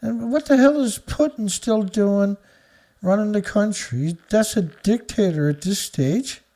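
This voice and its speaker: Man, angry profane commentary host, gravelly voice, dark tone, reads headlines then rants. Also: high-pitched, a little slow.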